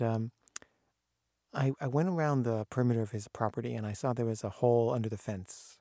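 A man telling a personal anecdote in a halting way, with many fillers and restarts. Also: mid-range voice, creaky, dark tone, no room sound, clean studio sound. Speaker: storyteller. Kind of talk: personal anecdote told to camera.

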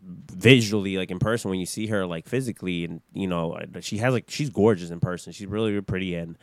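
Animated casual podcast man, smooth voice. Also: low voice, fast, no room sound. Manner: animated, swearing, rambling with fillers. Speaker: podcast co-host. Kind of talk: casual chat.

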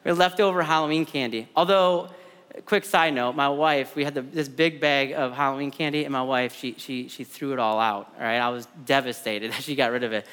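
A man's voice: mid-range voice, fairly even intonation, fairly quick, fairly bright tone, smooth. Male pastor, thirties, casual preaching, repeats words, echoing hall. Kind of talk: sermon.

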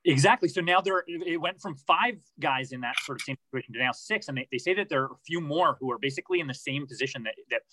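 A man's voice: on the high side, fast talker, few pauses, noisy background. A man answering interview questions about his reporting, thoughtful, with many restarts and fillers. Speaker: podcast reporter, guest.

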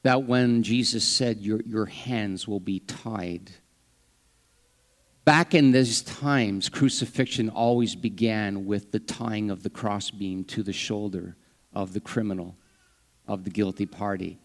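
Man preaching an animated sermon. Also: takes it slowly. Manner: animated preaching, acts out quoted lines with jumps in pitch and volume; conversational and humorous asides. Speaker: pastor.

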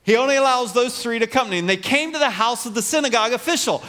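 A man's voice: very high voice, rapid-fire, pushed and bright. A man preaching a conversational sermon as a pastor, acting out voices from the Bible story. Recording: long hall reverb.

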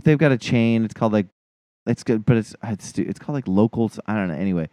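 A man's voice: fairly low pitch, fast talker, no room sound. A man in his thirties co-hosting a casual podcast, ranting with lots of swearing. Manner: animated, swears a lot, rants. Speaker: podcast co-host. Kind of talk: casual profane chat.

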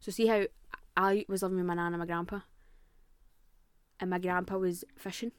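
Fast-talking Scottish woman telling stories. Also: lowish voice, clean tone, dry recording. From Scotland. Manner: animated storyteller, swears freely, acts out voices. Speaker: podcast co-host. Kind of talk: casual chat, storytelling.

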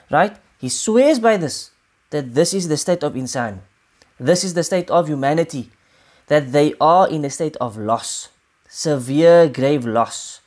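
Woman, lower-pitched voice, religious teacher, measured and repetitive, explaining verses. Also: darkish tone. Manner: measured, repeats key points for emphasis. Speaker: Quran teacher. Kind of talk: religious lesson explaining scripture.

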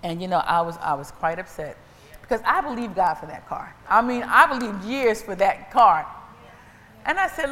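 A woman preaching a sermon in a church, moving from quiet storytelling to shouted, drawn-out calls and repeated refrains. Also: mid-range voice, expressive, long reverb tail.

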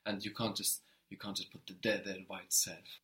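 A man teaching a one-on-one language lesson, explaining patiently and often checking with a quick question. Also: sits low, flat delivery, bright, forceful tone.

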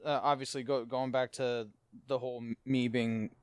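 A man's voice: medium pitch, level tone, normal speed, clean tone, dry recording. A man co-hosting a podcast in casual chat, teasing his co-host and laughing often, with casual swearing.

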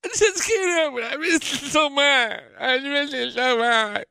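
A man's voice: a little slow, gravelly, heavy background noise, exaggerated voice. Man putting on a weepy tipsy wife. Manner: weepy, high, sheepish whimper. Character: tearful tipsy middle-aged wife. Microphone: radio studio mic. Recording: dry close studio sound.

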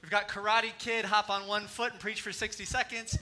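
Man emcee, high voice, jokey announcer banter, noisy live church event. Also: little pitch movement, brisk. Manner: jokey, sports-announcer style. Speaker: event host and referee. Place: church stage.

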